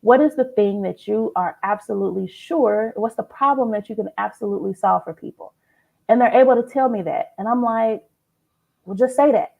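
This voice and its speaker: A woman's voice: medium pitch, fairly quick, vocal fry, poor audio. A woman copywriter, telling stories animatedly as a guest in a casual chat. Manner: animated storytelling.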